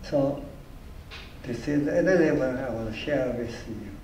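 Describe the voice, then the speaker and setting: Casting: elderly man, 90s, earnest, unhurried, distant from the mic in an echoey hall. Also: mid-range voice, lively intonation, mellow, highs cut off, a little hiss or hum. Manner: slow, earnest encouragement. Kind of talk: onstage interview answers.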